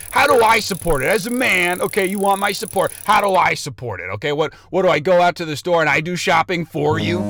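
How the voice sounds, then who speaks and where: A man's voice: sits high, creaky, exaggerated voice. Man playing Dozer, blustering radio bro. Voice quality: loud, blustering, ranting. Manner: swaggering, repeats himself, asks "okay?" and "all right?". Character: brash boastful macho sports-talk radio host, man. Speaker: sports radio host. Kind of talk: comedic radio rant.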